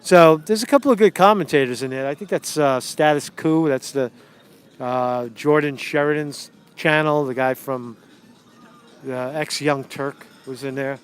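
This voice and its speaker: A man with a slightly high voice streams live political commentary on a phone while walking a city street. He rants and swears, doubles back on his own sentences, and sounds a little winded. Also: a little slow, clean tone. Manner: ranting, profane, rambling with many restarts. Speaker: political vlogger.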